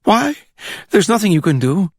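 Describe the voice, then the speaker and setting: A delicate, nervous houseman who turns defensive and pleading, as a male narrator puts him on in a high, fluttering voice. The recording is dry and close. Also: very animated, normal speed, slightly rough, no echo, exaggerated voice.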